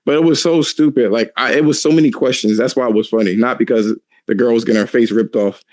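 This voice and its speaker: A man co-hosting a podcast, chatting casually with profane, animated storytelling and frequent laughter. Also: medium pitch, fast talker, no room sound. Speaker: podcast co-host. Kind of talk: casual chat.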